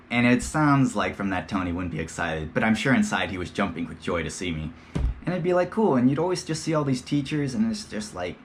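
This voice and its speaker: Young man, podcast host, casual rambling monologue, slangy and profane, very animated pitch, faint background noise. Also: a little fast.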